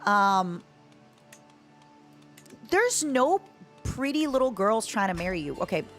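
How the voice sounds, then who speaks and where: Woman game streamer, playful and joking, very expressive pitch. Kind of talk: casual gameplay chat.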